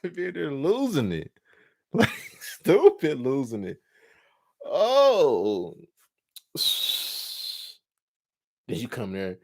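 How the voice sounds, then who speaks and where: A man hosting a live stream, talking casually and profanely, animated and laughing often as he acts out scenes. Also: mid-range voice, drawn-out words, pauses often, no echo, studio quality. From California.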